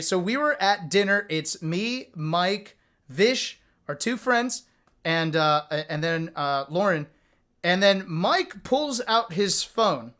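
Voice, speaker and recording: High-voiced man telling animated stories. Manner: animated, acts out quoted friends. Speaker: host. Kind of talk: casual storytelling.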